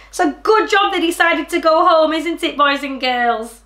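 A woman's voice: high-pitched, moderate pace, hardly any pauses, echoey room. Sing-song woman reading to children. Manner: sing-song, animated, addresses children directly. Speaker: teacher reading a picture book. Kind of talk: storybook read-aloud for children.

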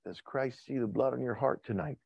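A man preaching a Wednesday night sermon who acts out voices and shouts for effect. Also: mid-range voice, fairly quick, creaky, slightly rough, no room sound, highs cut off. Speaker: pastor.

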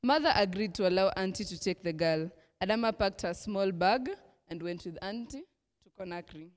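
A young Kenyan woman presenting a church teens' lesson, praying and reading a mission story aloud at a measured pace. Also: mid-range voice. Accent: Kenyan English. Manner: measured, prayerful delivery. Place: church hall. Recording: echoey hall reverb.

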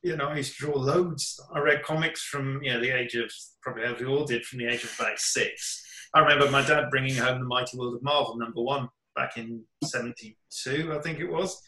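A man in his fifties from England talks casually as an interview guest. He rambles with many ums and restarts, and his bright, forceful voice rings in a roomy echo. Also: mid-range voice, fairly even intonation, fairly quick. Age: 50s. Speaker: comic artist guest. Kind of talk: casual chat.

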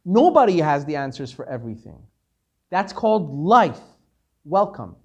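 Man, rabbi, sermon-style talk, earnest storytelling, emphatic rises and soft drops. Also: fairly high pitch, very animated, normal speed, husky, lo-fi sound.

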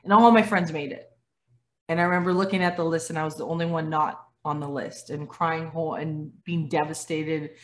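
A woman in her forties, born in Dominica and raised in Canada, speaks in a low, brisk voice as a guest on a video call. A former athlete, she's an animated storyteller who acts out the voices in her stories and laughs often.

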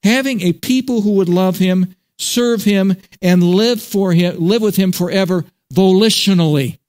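A man preaching a sermon in a notably high voice. He is emphatic, repeats key phrases for weight, and slows down to let important words land. He speaks as the pastor addressing his congregation. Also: a little mellow.

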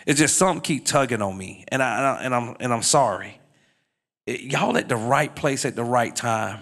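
This gravelly-voiced middle-aged guest speaker recounts his life testimony with lively intonation at a moderate pace. He drops quiet and low for the story, then rises high and loud to exhort the crowd.

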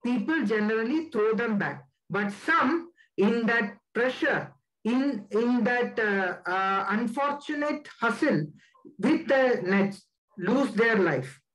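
A man giving a slide presentation as a guest speaker, deliberate and stressing key words. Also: very high-pitched, expressive, a bit bright, low-quality recording.

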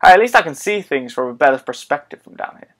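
A man commenting on his own gameplay in an excitable, joking way, often exclaiming to himself. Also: fairly high pitch, fast. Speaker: gaming video host. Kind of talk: let's play commentary.

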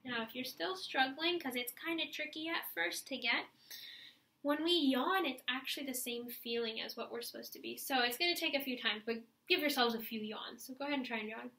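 A woman's voice: high-pitched, fairly quick, pushed and bright, echoey room, poor audio. A woman teaching a clarinet lesson, encouraging her students and guiding them step by step through stretches and breathing, with audible breaths and sighs as she demonstrates. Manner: encouraging, guides listeners step by step. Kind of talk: instructional video lesson.

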